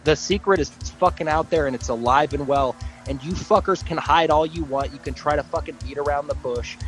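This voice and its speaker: A man's voice: a little high, brisk, faint music behind. Indignant, profane man ranting. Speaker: podcast co-host. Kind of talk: casual chat.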